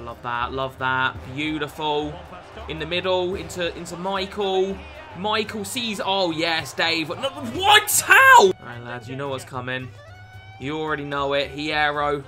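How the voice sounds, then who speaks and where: Sweary young British man commentating gameplay. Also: on the high side. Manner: excitable, sweary, frequent exasperated outbursts. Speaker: gaming YouTuber.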